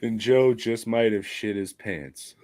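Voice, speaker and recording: A man's voice: on the low side, slow pace, darkish tone. A man co-hosting a podcast, ranting bluntly with lots of swearing and laughter. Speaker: podcast co-host. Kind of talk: casual podcast chat.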